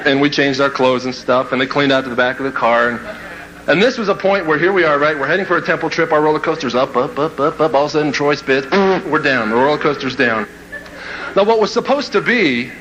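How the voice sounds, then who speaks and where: A man spins a comic tale for a live crowd, his voice swinging high and low as he plays it up. He sits a touch higher than most men. The recording carries a steady layer of noise. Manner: animated, playful, shouts and laughs through the story. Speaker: motivational speaker. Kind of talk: comedic storytelling to a live audience.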